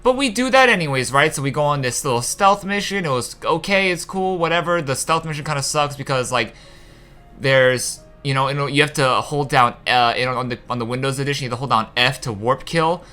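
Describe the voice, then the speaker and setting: A young man with a bright, forceful voice rants casually about a video game, swearing freely and wandering into asides as his frustration builds. Faint music plays softly behind him. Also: medium pitch, a little fast. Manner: frustrated, profane, rambling with many asides. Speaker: gaming channel host.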